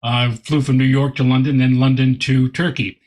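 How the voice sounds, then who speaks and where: A man, a guest astronomer, telling an animated anecdote in an interview and repeating words as he goes. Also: medium pitch, normal speed.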